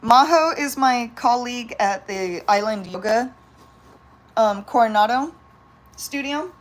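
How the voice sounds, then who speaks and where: A young vlogger from San Diego chats bubbly on a casual livestream with her viewers and her pets. Her voice is fairly high and a little slow, with a Californian accent and a slight hint of New York.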